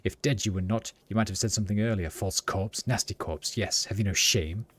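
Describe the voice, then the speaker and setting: A man's voice: lowish voice, brisk, close to an everyday voice. A man voicing a half-mad old woman seamstress who mutters to herself in a sing-song way. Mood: muttering. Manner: sing-song, talks to herself, cackling scolding.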